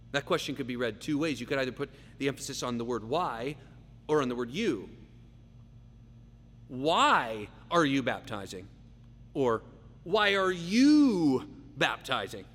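A man preaching a verse-by-verse sermon, emphatic, slowing down and repeating key phrases for weight. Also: mid-range voice, fairly bright tone. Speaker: pastor. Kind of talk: expository sermon. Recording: long reverb, faint hum.

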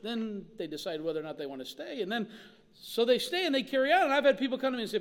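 A man with a strikingly high voice preaching a sermon, his words ringing through a reverberant church hall. He tells stories with animated flair and acts out the people he quotes. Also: fast talker. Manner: animated storytelling with acted-out quotes. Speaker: pastor.

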